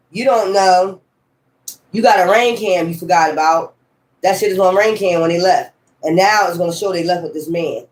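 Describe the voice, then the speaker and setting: Profane, rambling man in an echoey room. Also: high-pitched. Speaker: tarot reader. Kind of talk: casual tarot reading monologue.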